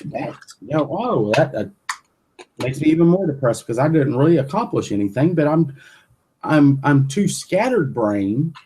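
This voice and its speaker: A man with a husky, slightly raspy voice, pitched a little higher than most men. He talks bluntly and casually, tossing in mild swearing. It sounds like relaxed, unscripted conversation. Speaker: guest and co-host. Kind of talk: casual chat.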